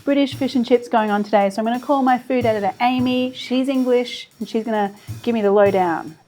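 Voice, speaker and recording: A chatty, enthusiastic Australian woman walks through a recipe as a cooking host. Her voice sits a little high, with faint music playing behind her. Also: brisk, a little mellow. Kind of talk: cooking demonstration.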